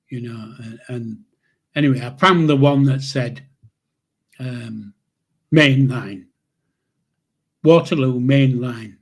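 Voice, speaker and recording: A husky, medium-pitched man's voice: a Yorkshire channel host in his seventies. He casually spins a rambling personal tale, swears without restraint and keeps restarting his sentences.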